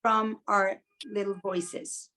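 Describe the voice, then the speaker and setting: A woman's voice: medium pitch, flat delivery, slow pace, pushed and bright. A woman co-hosting a podcast in casual chat, reflective and acting out inner voices in little quoted asides. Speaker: podcast co-host.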